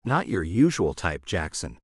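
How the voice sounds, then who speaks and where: A man's voice: low voice, sing-song, unhurried, husky, dry recording, clean studio sound, voice pushed down, exaggerated voice. A man reading an audiobook, voicing an imperious, nosy older woman who plays matchmaker. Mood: imperious, sly. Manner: imperious, sly. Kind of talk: audiobook character voice.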